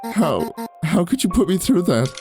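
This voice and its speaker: A man voicing an angry, frightened young woman who shouts accusations at her sister. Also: animated, a little fast, close to an everyday voice. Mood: tearful. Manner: shrill, accusing, rising. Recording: background music.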